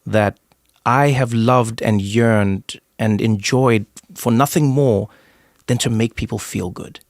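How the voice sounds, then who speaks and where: A man's voice: on the low side, slow, no echo, clean studio sound. A man with a South African accent, a podcast guest and comedian, telling anecdotes in a casual interview and acting out the voices of the people in them. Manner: animated storyteller who acts out the voices in his anecdotes.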